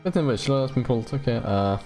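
A young man giving casual, jokey let's play commentary on a horror game, rambling and squealing up high when excited. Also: unhurried. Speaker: gaming YouTuber. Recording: faint game music behind.

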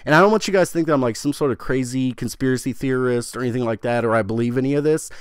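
Excitable, swearing young man on a dry mic. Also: medium pitch, racing, clear, resonant tone, dry recording. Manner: excitable, swears freely, rambling and self-interrupting. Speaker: gaming channel host. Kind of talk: casual video commentary on a game storyline.

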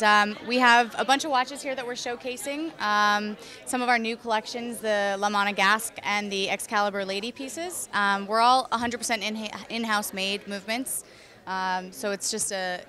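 A woman representing a brand, giving a friendly product pitch with many pauses. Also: bright, forceful tone.

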